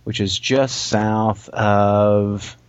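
A man telling an anecdote and chatting with friends, animated and halting, with many restarts, over dry, slightly dull audio. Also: on the low side, clear, resonant tone. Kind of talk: casual storytelling and chat.

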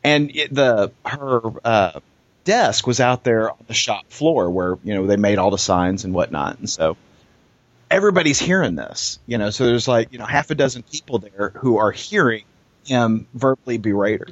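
A man telling stories on a podcast with an animated, expressive delivery. His pitch swings widely as he acts out the people in his anecdotes. The recording is dry and a little dull and lo-fi. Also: normal speed, dry recording. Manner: animated, acts out quoted voices. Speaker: podcast co-host. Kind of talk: casual storytelling chat.

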